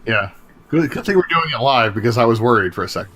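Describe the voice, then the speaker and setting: A man with a mid-range voice chats casually on a podcast being played back. He keeps his remarks quick and dry. The talk moves at an easy, conversational pace. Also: medium pitch, animated, sharp tone, a little hiss or hum.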